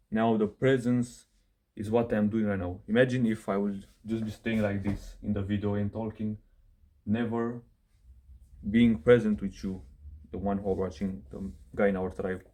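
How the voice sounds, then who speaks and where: A man's voice: lowish voice, mellow. A young man, a self-improvement coach, giving casual advice straight to camera in a blunt rant, swearing, saying "bro" often and correcting himself mid-sentence. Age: young adult.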